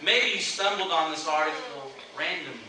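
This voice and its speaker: A man's voice: a little high, moderate pace, background noise. Echoey preacher man, talking off-mic. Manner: conversational, repeatedly asking "right?". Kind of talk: sermon. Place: church sanctuary. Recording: echoey church hall, mic at a distance.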